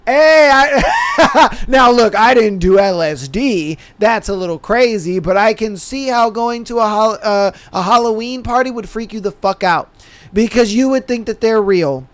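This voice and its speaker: A man's voice: high voice, moderate pace. A young man hosting a podcast, telling a story in a loose, laid-back way, swearing freely and calling listeners "bro" and "man". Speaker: podcast host. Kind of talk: casual storytelling monologue.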